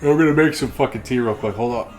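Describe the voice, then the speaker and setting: A man's voice: mid-range voice, fast talker. A man hosting a podcast, laughing often and swearing freely in casual chat. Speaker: podcast host. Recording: faint music behind. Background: faint music.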